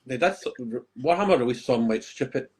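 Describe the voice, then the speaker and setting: A man chatting casually on a podcast, animated and swearing freely as he tells stories. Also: mid-range voice, fairly quick, husky. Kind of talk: casual chat.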